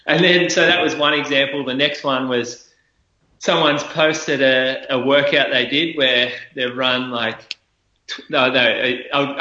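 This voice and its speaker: A man co-hosts a casual podcast, his voice bright and forward. He tells his stories with animated, mocking impressions. The recording is roomy and a little dull. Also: mid-range voice. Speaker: podcast co-host.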